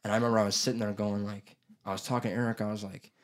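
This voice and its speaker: Young male podcast host, rambling casual storyteller, profane, jumps into loud voice bits. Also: lowish voice, flat delivery, rapid-fire. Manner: rambling, swears a lot, does loud impressions. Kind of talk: casual chat.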